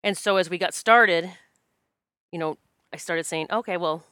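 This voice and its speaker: Smooth low-voiced woman telling a story. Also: moderate pace, dry recording, studio quality. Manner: emotional, candid, animated quoting of herself. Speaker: Reiki practitioner. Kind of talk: casual personal storytelling.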